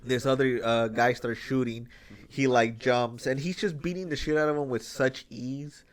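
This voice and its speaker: A man hosting a podcast in casual chat, excitedly retelling a film scene, swearing freely and acting out the lines. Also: mid-range voice, moderate pace. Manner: excited storytelling, swears freely, acts out quotes. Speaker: podcast host.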